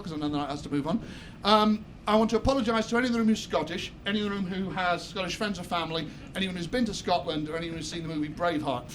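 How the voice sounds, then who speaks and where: Southwest English comic, high voice. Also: male voice. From Somerset, England. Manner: chatty, self-mocking, confessional. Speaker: stand-up comedian. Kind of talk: stand-up comedy set. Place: comedy club stage. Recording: noisy live comedy club.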